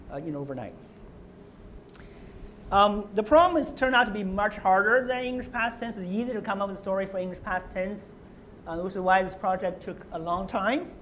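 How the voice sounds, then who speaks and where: A man's voice: sits high, a bit bright, slight background noise, poor audio. A man giving a university lecture who explains step by step, often checking in with "right?" and restarting his words. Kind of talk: academic lecture.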